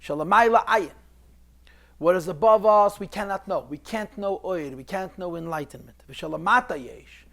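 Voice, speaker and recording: A man's voice: high-pitched, moderate pace, fairly bright tone. A man teaching a recorded class on a Chassidic text, explaining step by step, repeating key phrases and mixing Hebrew and Yiddish terms into his English. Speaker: Torah teacher.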